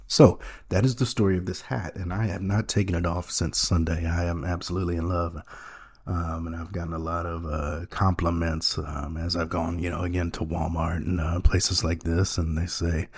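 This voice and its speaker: A man hosting a podcast in a rambling, mock-earnest monologue, halting often with ums and restarts. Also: sits low, flat delivery, darkish tone, husky. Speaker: podcast host.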